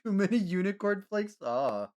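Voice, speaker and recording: A man's voice: sits high, sing-song, moderate pace, darkish tone. Rambling, giggly male streamer. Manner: rambling, lots of fillers and laughter. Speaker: livestreamer. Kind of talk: casual live-stream chat.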